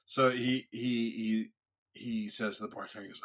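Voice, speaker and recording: A man's voice: lowish voice, flat delivery, a little slow, a bit bright. A man co-hosting a podcast in casual chat, telling rambling stories and jokes with many restarts. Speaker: podcast co-host.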